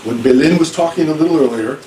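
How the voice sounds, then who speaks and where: Distant teacher in an echoey classroom. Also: male voice, on the high side, fast talker. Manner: informal, repeats and restarts, acts out examples. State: hard of hearing. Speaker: ESL teacher. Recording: echoey room, far from mic, faint noise.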